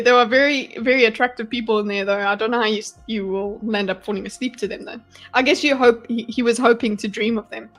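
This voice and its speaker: South African woman, fairly high voice, casual home streamer with faint music behind. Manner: chatty, animated, swears and laughs often. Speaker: streamer reading chat. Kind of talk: casual live-stream commentary. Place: her home.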